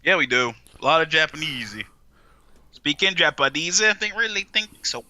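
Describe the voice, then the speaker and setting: Guy co-hosting a podcast, super bright sharp voice, goofy and jokey. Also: on the high side, expressive, moderate pace, no room sound. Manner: goofy, joking, swings into bits. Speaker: podcast co-host. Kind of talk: casual podcast chat.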